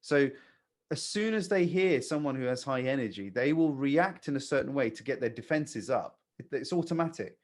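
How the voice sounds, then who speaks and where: A man coaching new hires on sales calls, calm and blunt, swearing casually. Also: medium pitch, moderate pace. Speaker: sales trainer.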